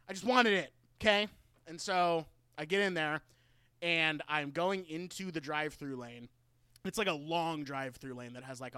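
A man with a bright, crisp, high voice rambles through a profane story on a podcast, full of "like" and restarts. The sound is dry and close to the mic. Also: dry recording. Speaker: podcast co-host. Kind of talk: casual chat.

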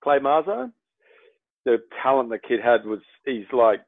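A man's voice: medium pitch, a little slow, no room sound. Blunt Australian man, tinny phone-like sound. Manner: blunt, animated storytelling with swearing. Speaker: surf coach guest. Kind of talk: casual podcast chat. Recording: dry, phone-like narrow sound.

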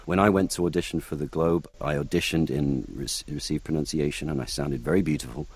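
A man's voice: rumbling low, steady tone, brisk, gravelly, breathy edge. A man from North Wales, an actor, answering interview questions in a reflective manner, often restarting his phrases.

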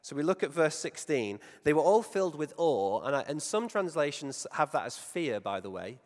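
Conversational preacher in a reverberant hall. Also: male voice, fairly high pitch, very animated, moderate pace. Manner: conversational, asks the congregation questions, drops to a hush on key points. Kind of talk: sermon. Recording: long reverb of a large hall.

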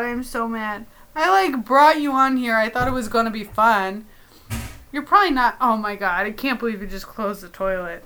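A woman hosting a comedic podcast from her home studio, exasperated and bossy, talking fast. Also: a little high, sharp tone. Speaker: podcast host.

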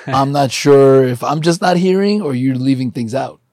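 A man's voice: medium pitch, moderate pace, a little mellow, dry recording, clean studio sound. A man hosting a podcast interview, talking in a candid, casual way and swearing freely. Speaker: podcast host.

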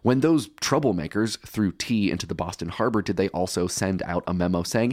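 A man's voice: sits low, a little fast, few pauses, a little mellow, no echo, clean studio sound. A man hosting a podcast, reading wry, playful scripted narration. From United States. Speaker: podcast host.

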